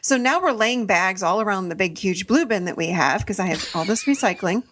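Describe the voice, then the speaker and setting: A woman's voice: mid-range voice, animated, a little fast, fairly bright tone, a little hiss or hum. A middle-aged woman hosting a podcast, telling a story casually, laughing often and acting out her own lines. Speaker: podcast host.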